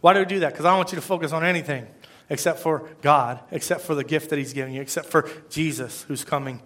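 A man preaching a sermon as pastor, conversational and swinging from hushed to emphatic. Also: on the high side, fairly even intonation, fast talker.

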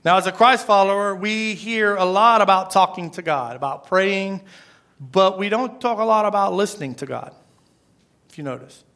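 At a moderate pace, a high-pitched man with a sharp tone preaches a sermon. He's a Florida pastor who hammers his points with emphasis, repeats phrases, and asks the congregation "right?"

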